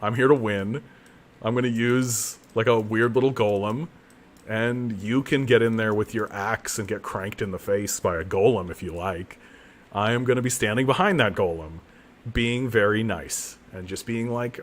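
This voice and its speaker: A man in a slightly low register rambles through a game stream from his home setup. He mocks himself and jumps into excited bursts as the game goes on. He talks into a desk mic at home. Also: normal speed. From Canada. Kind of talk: casual gaming commentary. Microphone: new desk mic.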